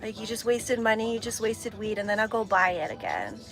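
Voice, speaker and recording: A woman's voice: medium pitch, a little fast, a bit bright. A young woman hosting a livestream, chatting candidly and confessionally, swearing freely and laughing often. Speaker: livestream host. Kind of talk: candid personal chat. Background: music playing.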